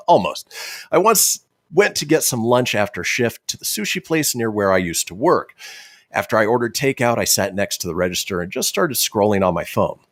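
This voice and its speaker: A man's voice: on the low side, normal speed, no echo, clean studio sound. A man hosting a radio show, chatting casually and reading out listener messages with chuckles. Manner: lively, chuckling storyteller.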